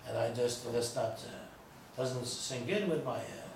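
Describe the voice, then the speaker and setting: Unhurried and gravelly, this rabbi's mid-range, expressive voice carries an informal, wandering lecture of anecdotes and jokes for a small audience. The recording sounds distant and echoey, with a little noise.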